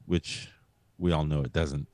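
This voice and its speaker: A man co-hosting a casual chat who asks a question in a hesitant, halting way. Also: very deep voice, fairly even intonation, a little mellow, dry recording. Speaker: co-host.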